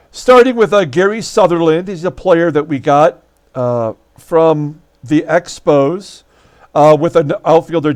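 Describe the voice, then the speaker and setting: A man hosting his channel, talking casually and wryly through his tabletop baseball replay, with many fillers and sudden jumps in pitch. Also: smooth. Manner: chatty, wry, frequent fillers, animated pitch jumps. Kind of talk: casual solo commentary.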